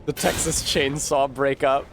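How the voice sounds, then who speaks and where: A man's voice: mid-range voice, level tone, a little slow, vocal fry, over music. A man streaming a game, commenting casually with sarcastic, rambling asides and frequent swearing.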